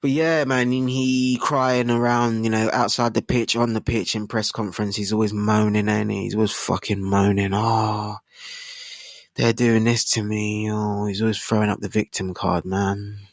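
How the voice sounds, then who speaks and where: Young bloke, twenties, low gravelly voice, dry close sound, slangy rambling football chat. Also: male voice, flat delivery, moderate pace, hardly any pauses, no echo. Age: 20s. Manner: slangy, rambling, asks rhetorical tag questions. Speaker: football channel host. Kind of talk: casual football opinion monologue.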